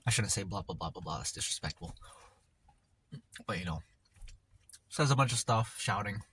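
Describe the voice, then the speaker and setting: A man's voice: lowish voice, expressive, moderate pace, a bit bright, a little hiss or hum. A man telling a story casually while eating on camera, in a rambling, laid-back way full of slang, often trailing off mid-thought. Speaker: mukbang vlogger.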